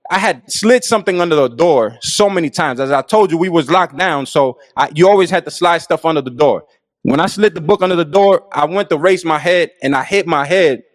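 A man's voice: a little high, dry recording, studio quality. A middle-aged man telling his own life story in an earnest, reflective and casual way. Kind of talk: personal storytelling.

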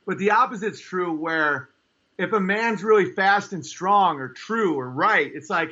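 A man from New York State talking as a guest in a casual conversation, rambling and emphatic, often slipping into high mocking voices to mimic others. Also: animated, normal speed, bright, forceful tone, highs cut off. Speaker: guest, stand-up comedian.

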